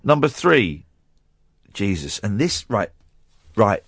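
Male radio host, sarcastic ranter, lively swooping pitch, dry close mic. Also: takes it slowly, breathy edge, no echo. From Britain. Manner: ranting, sarcastic, exasperated outbursts. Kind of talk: casual radio chat.

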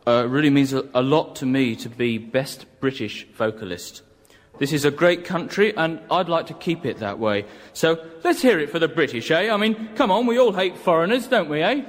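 A man's voice: fairly high pitch, expressive, normal speed, close to an everyday voice. A man playing a pompous, bigoted male pop singer in a radio comedy sketch, ranting with endless tag questions. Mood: blustering. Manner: blustering, rants with tag questions.

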